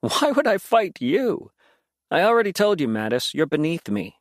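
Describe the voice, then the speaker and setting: Smug amused demon mercenary, read by a male narrator, lively and mocking. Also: on the high side, moderate pace, dry recording, studio quality, voice pushed up. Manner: taunting, amused.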